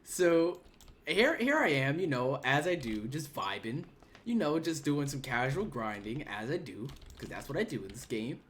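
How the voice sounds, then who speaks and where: A man's voice: medium pitch, moderate pace, slight background noise. A man hosting a casual gaming podcast, telling stories and acting out quoted lines with sudden jumps in his voice. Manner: animated storyteller, acts out quotes with voice jumps. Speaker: podcast host.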